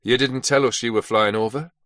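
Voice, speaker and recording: A man's voice: mid-range voice, fairly even intonation, fairly quick, fairly bright tone, no echo, natural voice. A man doing a dry soldier. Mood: puzzled. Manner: dry, clipped. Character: wry Geordie SAS soldier, terse and sardonic.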